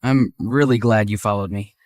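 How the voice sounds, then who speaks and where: A woman doing a soft-spoken teenage boy. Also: very deep voice, normal speed, no room sound, clean studio sound, pitched below the performer's own voice. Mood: tender. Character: shy, sweet teenage boy classmate.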